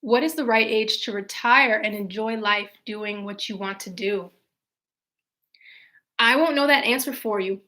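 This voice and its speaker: Bright, chatty young woman live-streaming. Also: mid-range voice, a little slow. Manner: chatty, animated storytelling with answering of viewer questions. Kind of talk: casual live-stream chat and storytelling. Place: at home.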